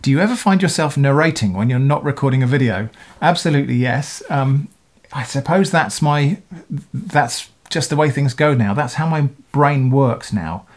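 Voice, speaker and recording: A man's voice: mid-range voice, normal speed, hardly any pauses. A middle-aged man, talking casually to camera as a video creator answering comments, thoughtful and rambling, often correcting himself mid-sentence.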